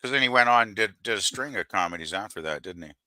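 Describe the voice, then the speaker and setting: Brief: man co-hosting a chat, easygoing, low pitch, bright tense tone, dry close sound. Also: lively intonation, quick pace, no room sound. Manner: easygoing, agreeable. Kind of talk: casual chat.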